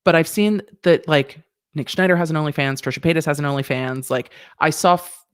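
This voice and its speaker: A woman, a former prosecutor, chatting casually on a livestream about legal news, blunt and quick to laugh, swearing now and then. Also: low voice, smooth, no room sound, clean studio sound. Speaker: legal commentator hosting a livestream; former district attorney. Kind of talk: casual livestream chat answering viewer questions.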